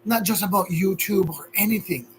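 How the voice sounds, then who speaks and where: Jamaican male vlogger, young, slightly high voice, sincere and rambling, faint noise behind. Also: normal speed, fairly bright tone. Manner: earnest, rambling, emotional. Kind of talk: casual heartfelt talk to viewers.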